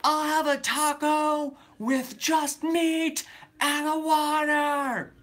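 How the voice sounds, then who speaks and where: A man voicing a timid, mumbling office worker who repeats himself in a high, thin voice. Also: level tone, drawn-out words, a bit bright, heavily acted. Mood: meek mumbling.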